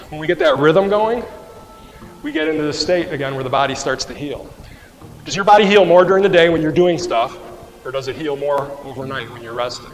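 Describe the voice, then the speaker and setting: A man's voice: fairly high pitch, long reverb tail. A man teaching a qigong and mobility rehab class, patiently talking the group through each movement and asking them questions. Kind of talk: guided exercise class instruction. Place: rehab class room with floor tiles.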